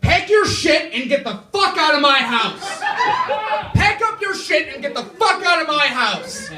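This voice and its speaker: A man doing his furious yelling father. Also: very high-pitched, sing-song, normal speed, roomy sound, recorded from a distance, background noise, voice pushed up. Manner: shouting, profane, exasperated. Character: angry yelling father kicking out his adult son.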